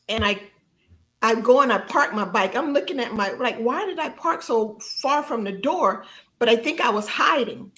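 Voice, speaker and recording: Telling her own story as a podcast guest, a woman keeps the conversation lively and animated. She breaks into laughter often and shifts to a high pitch when quoting herself.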